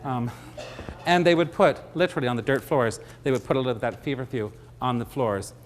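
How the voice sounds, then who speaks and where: A man's voice: medium pitch, fairly quick. A middle-aged man giving a live floral design demonstration, chatty and joking with his audience. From Canada.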